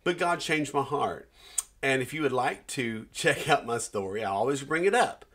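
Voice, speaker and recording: A middle-aged man speaks as a minister giving a personal testimony. His tone is earnest, and he tells a story with pauses and small restarts. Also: medium pitch, lively intonation, fairly bright tone. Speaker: Christian minister.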